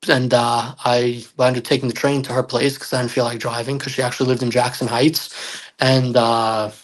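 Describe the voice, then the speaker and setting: A man's voice: mid-range voice, flat delivery, normal speed. A man telling a personal story on a podcast as a guest, in a loose, rambling way, acting out what people said and filling gaps with "uh" and "like.". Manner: rambling, acts out quoted dialogue with many fillers. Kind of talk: casual storytelling.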